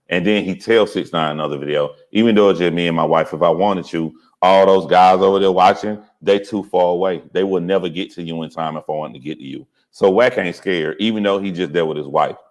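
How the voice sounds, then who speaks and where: Profane man reacting to a clip. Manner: profane, swings from low mutters to excited shouting. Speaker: reaction commentator. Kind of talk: casual video commentary.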